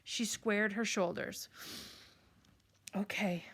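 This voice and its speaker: A woman reading a children's chapter book aloud in a calm, measured storytelling manner. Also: mid-range voice. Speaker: storybook reader.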